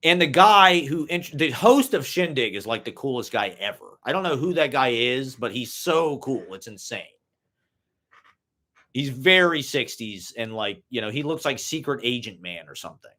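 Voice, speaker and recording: A man's voice: mid-range voice, expressive, moderate pace, bright, forceful tone. A young man talks off the cuff in a mid-range voice, drifting from thought to thought. His speech is loose and profane, thick with "like" and "you know". It sounds like a casual solo vlog. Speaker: vlogger. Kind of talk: casual rambling monologue.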